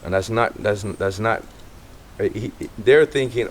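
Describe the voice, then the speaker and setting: A middle-aged Jamaican man, an artist as guest, telling stories in a relaxed casual interview. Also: fairly low pitch, moderate pace, slight background noise. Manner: relaxed, animated storytelling with quoted voices.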